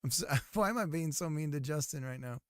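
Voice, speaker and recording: A man's voice: fairly high pitch, lively intonation, a little fast, dry recording, clean studio sound. A man streaming live while working on his game, chatting casually and teasing his viewers. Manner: joking, teasing his chat.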